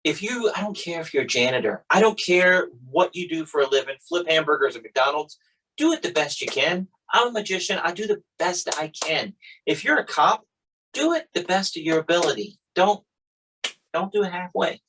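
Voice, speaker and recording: A man's voice: fairly high pitch, moderate pace, slight background noise, rough recording. A man hosting a podcast, chatting casually and acting out quoted exchanges as he tells stories. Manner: animated storyteller, acts out quotes. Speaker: podcast host. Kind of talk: casual chat.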